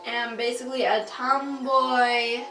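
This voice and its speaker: Excitable young woman gamer, high-pitched. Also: slow, recorded from a distance. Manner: excitable, swears at the game, rambling. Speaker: let's play gamer. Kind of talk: casual gameplay commentary. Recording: roomy, off-mic, with game music. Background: video game music.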